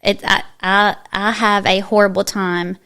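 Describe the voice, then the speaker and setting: A woman's voice: mid-range voice, level tone, measured pace, sharp tone, clean tone. A woman with an eastern Kentucky twang talking as a podcast guest in a chatty, emphatic way, often restarting her sentences. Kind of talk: casual interview chat.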